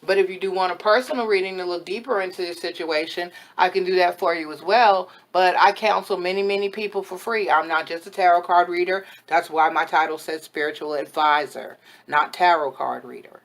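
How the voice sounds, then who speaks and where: A woman reads tarot casually for the camera as a spiritual advisor, talking a little fast with few pauses and fairly even intonation. Her voice sits on the low side and sounds a little worn. She's frank, chatty and gives blunt, motherly advice.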